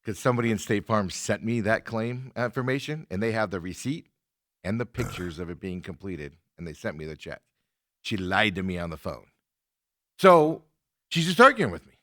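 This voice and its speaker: In a lowish voice at normal speed, a man hosting a talk show relays a tale in casual chat, voicing his own part of a phone dispute with animated indignation and quoted back-and-forth. It's a clean studio recording without echo.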